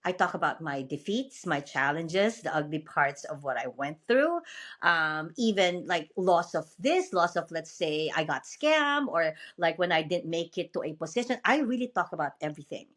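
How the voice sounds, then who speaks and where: A woman's voice: low-pitched, moderate pace. Filipino-accented woman podcast host. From Philippines. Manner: animated, frank, many fillers and restarts. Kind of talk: casual interview chat.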